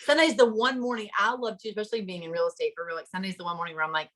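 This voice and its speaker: Host: quick-talking woman realtor, playful, mid pitch. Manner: quick, lively, playful quoted asides. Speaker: host, real estate agent. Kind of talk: casual chat.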